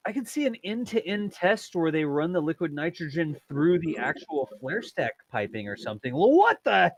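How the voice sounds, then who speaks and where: A man's voice: on the high side, expressive, moderate pace, dry recording. A man hosting a casual livestream, reading viewer messages aloud with lots of laughter. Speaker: livestream host.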